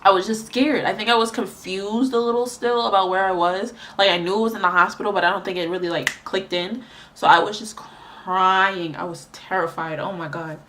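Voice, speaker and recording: A woman's voice: mid-range voice, fairly even intonation, brisk, fairly bright tone, a little hiss or hum. A young woman telling a rambling story in casual chat while doing her makeup, with lots of fillers. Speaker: beauty vlogger.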